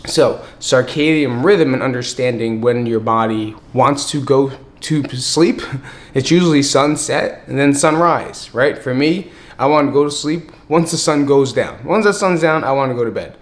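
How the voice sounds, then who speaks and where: A man from the US East Coast hosting a podcast, talking in an energetic, hyped, chatty way in a casual monologue. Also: mid-range voice, normal speed. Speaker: podcast host.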